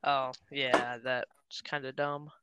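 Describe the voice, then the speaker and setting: Brief: female co-host, low slow voice, deadpan one-liners in casual chat. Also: muffled recording, heavy background noise. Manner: dry, deadpan interjections. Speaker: podcast co-host. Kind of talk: casual game review chat.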